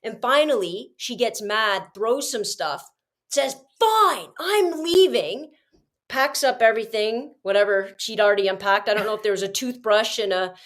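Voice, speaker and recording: A woman's voice: mid-range voice, moderate pace, few pauses, a bit bright. A woman podcast host telling a long story in casual chat, rambling with frequent restarts.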